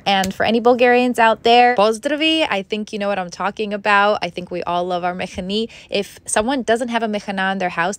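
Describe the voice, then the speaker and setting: A woman giving a relaxed, explanatory voice-over narration for her home vlog. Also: mid-range voice, no echo.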